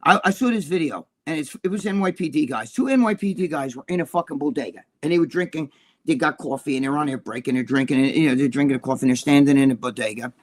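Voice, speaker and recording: A man's voice: on the high side, fast talker, dry recording. A man co-hosting a casual talk show, ranting bluntly and swearing a lot. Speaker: co-host.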